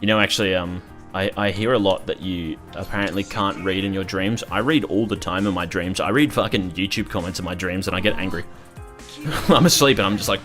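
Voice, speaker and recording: A man's voice: low-pitched, a little fast, a bit bright, faint music behind. A young Australian man in his twenties chatting casually and rambling while streaming a game, joking and swearing often. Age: 20s. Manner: rambling, profane, jokey.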